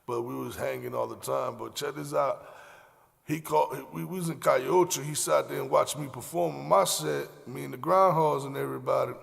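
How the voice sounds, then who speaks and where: Podcast host, young man, gravelly voice, slangy rambling storyteller, long reverb on the recording. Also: medium pitch, fairly even intonation, brisk. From Miami, Florida. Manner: slangy, profane, loose rambling with many fillers. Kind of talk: casual storytelling.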